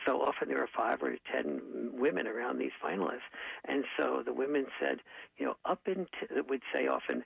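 A man with a very gravelly, husky voice explains his ideas as a guest in an interview. He talks thoughtfully, often pausing with fillers and restarting his sentences. The sound is dry, with little room echo. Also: mid-range voice. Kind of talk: conversational interview answers.

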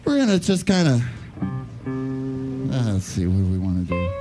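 A man leading a band on stage, introducing players and a song in relaxed, rambling banter with a live stage mic. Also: medium pitch, moderate pace, music in the background. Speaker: bandleader. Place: live music venue.

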